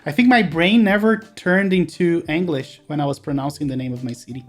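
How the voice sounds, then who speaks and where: A man's voice: a little high, a little fast, soft background music. A man from Brazil, a native Portuguese speaker with a Brazilian accent, chatting casually on a live stream and answering chat while he builds.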